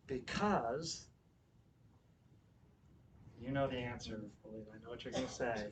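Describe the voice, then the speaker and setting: Animated man preaching from across the hall. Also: on the high side, normal speed, far from the mic, a little hiss or hum. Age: about 50. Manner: animated, swings between loud exclamations and quiet asides. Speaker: guest speaker at a spiritual center. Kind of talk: storytelling sermon. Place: church hall.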